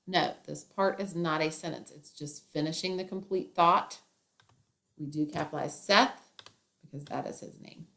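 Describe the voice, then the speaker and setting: A woman's voice: low-pitched, normal speed, creaky, fairly bright tone. A woman teacher explaining a grammar lesson step by step, with playful asides.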